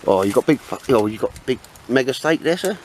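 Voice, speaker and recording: A man's voice: mid-range voice, animated, fairly quick. A middle-aged man filming a camping trip, bantering in casual chat with his friends and calling them mate and sir. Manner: chatty, jokey banter, calls everyone mate and sir. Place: windy, rainy campsite outdoors. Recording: wind and rain noise outdoors. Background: wind and rain.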